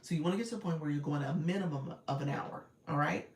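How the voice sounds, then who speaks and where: A woman's voice: sits low, fast. A woman live-streaming coach giving casual advice and answering viewer comments as she goes. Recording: roomy echo, distant from mic.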